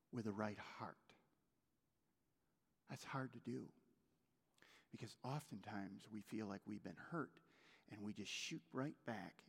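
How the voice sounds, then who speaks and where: A man preaching a sermon as pastor, moving between loud urgent stretches and hushed, almost whispered lines. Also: medium pitch, gravelly, big-room sound.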